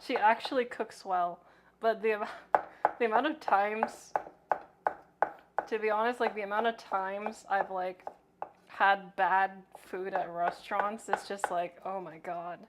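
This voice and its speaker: A woman's voice: medium pitch, steady tone, unhurried, heavy background noise. A woman chatting casually on a cooking live stream, offhand and talkative, with lots of filler words.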